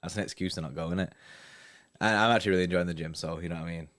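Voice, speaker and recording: Speaking rapid-fire in a low, fairly bright voice with fairly even intonation, a young man runs a casual football fan live stream. He banters loosely with viewers, reads their comments out, and leans on "mate" and "innit" throughout.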